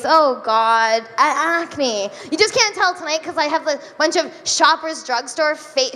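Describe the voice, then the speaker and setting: Live from a comedy club with an audience present, a young woman's high voice runs through a self-mocking stand-up routine full of giggles and drawn-out deadpan asides. There's reverb and faint room noise in the recording.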